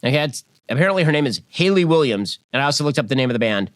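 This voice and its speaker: A man's voice: medium pitch, lively intonation, very fast, dry recording. A man in his thirties delivering a scripted commentary monologue in a sarcastic, mocking way. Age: 30s. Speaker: political commentator.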